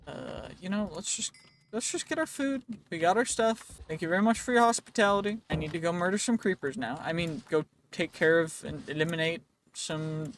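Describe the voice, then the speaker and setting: A man's voice: a little high, slight background noise. A man giving casual, rambling gameplay commentary, joking and talking to game characters, his voice wearing out. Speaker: gaming video creator.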